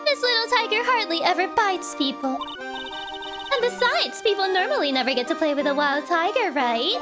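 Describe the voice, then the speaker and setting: A woman's voice: extremely high pitch, sing-song, moderate pace. A woman doing a chirpy carefree circus girl. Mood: breezy. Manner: chirpy, breezy. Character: carefree young circus performer girl, cheerful and oblivious. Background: game music.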